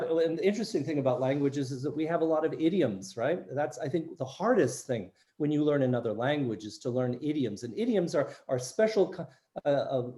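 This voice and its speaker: Explaining things to international students in an online workshop, an older presenter with a US East Coast accent keeps asking "right?". He has a fairly high but dark-toned voice.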